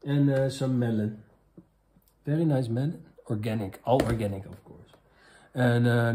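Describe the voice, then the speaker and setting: A man with a Dutch accent, a native Dutch speaker, hosting a comedy vlog and reading out viewer questions in a crude, rambling, halting way. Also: medium pitch, steady tone, dark tone, a little hiss or hum. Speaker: host.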